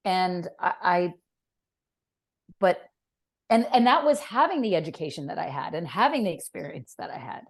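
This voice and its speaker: A woman's voice: lowish voice, normal speed, pauses often. Emphatic woman in her fifties, blunt. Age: 50s. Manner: animated, emphatic, blunt with swearing. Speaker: podcast guest, fitness professional. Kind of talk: casual interview chat.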